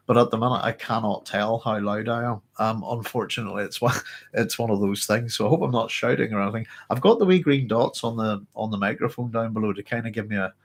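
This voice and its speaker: A man hosting a casual book club, congested and a little muffled, chatting and rambling with many restarts. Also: on the low side. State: congested, blocked-up nose. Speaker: book club host and teacher. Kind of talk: casual book discussion with reading aloud.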